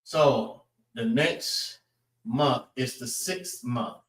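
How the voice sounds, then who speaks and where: A man teaching a class, slowly sounding out letters and checking in with the group as he goes. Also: medium pitch, a bit bright, far from the mic, a little hiss or hum. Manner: slow and deliberate, sounding out letters, frequent "all right" checks. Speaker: class instructor. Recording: roomy echo.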